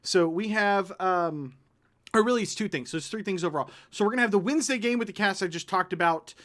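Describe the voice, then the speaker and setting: High-voiced rambling male host. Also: fast, fairly bright tone. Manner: rambling, restarts sentences often. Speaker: show host. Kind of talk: casual podcast chat.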